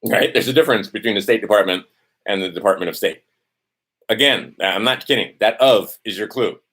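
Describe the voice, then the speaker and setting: A man's voice: on the low side, a little fast, pushed and bright. Profane, testy ranting man. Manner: profane, testy, repeats "right?"; reads from notes, loses his place. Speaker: vlogger. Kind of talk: heated ranting monologue to camera.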